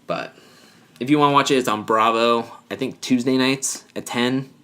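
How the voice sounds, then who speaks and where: A man of ordinary pitch chats casually as a podcast co-host. He rambles through a recap, leaning on fillers and acting out what people said. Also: normal speed, bright, forceful tone, smooth. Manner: rambling, filler-heavy, acts out quoted lines. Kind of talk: casual chat recapping a TV show.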